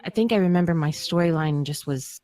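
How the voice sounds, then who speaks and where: A woman's voice: low voice, fairly quick, warm tone. A woman on a gaming podcast telling a personal story in a chatty, hesitant way. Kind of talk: casual chat.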